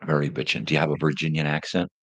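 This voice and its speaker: Middle-aged male stream host, very low and raspy, dry close mic, loose rambling slangy chat with viewers. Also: steady tone, rapid-fire, no echo. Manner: rambling, laid-back slang.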